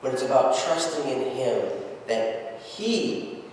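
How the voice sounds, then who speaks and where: A man pastor preaching a sermon, telling the scripture story with lively acted-out quotes. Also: mid-range voice, slow pace, slight background noise. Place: church sanctuary. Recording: echoey church hall from far off.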